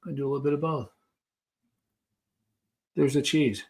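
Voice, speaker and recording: A man's voice: on the high side, moderate pace, darkish tone. A man vlogging, telling a long personal story in a chatty, anecdotal way while he tries snacks. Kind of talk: casual storytelling while taste-testing snacks.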